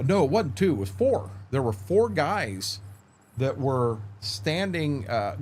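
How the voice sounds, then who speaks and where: A man's voice: medium pitch, a little hiss or hum. An older American man streaming a game and telling salty army stories in a casual, profane way. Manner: profane, animated war-story telling.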